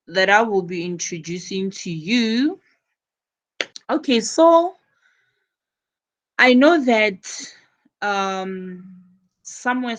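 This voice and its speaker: A woman teaching an English class, slow and encouraging, often repeating her words. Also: mid-range voice, low-quality recording.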